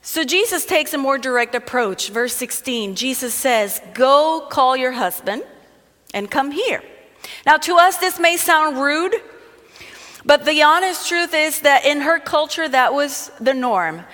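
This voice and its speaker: High-voiced woman teaching from scripture. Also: expressive, unhurried, fairly bright tone. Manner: reads scripture then explains it conversationally. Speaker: Bible teacher. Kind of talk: sermon with scripture reading. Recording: long hall reverb.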